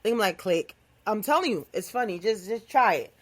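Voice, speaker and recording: Animated woman podcast host. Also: medium pitch, moderate pace. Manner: animated, playful, conversational with vernacular phrasing. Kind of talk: casual comedic monologue.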